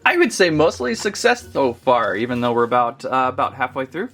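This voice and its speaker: A man's voice: mid-range voice, sing-song, a little fast, heavy background noise. A man chatting his way through a casual toy unboxing review, rambling and easily amused.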